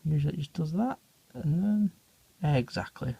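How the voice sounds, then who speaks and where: A rambling young man with a creaky voice. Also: fairly high pitch, very animated, normal speed, no echo. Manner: rambling, many ums, talks quietly near the animals. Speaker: tarantula keeper filming feedings. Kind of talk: casual off-the-cuff vlog narration.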